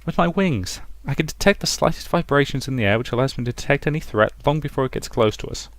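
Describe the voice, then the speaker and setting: A man's voice: medium pitch, animated, fast, dry recording, pitched above the performer's own voice, lightly acted. A man voicing an earnest, defensive young woman lieutenant with wings who insists she can be trusted.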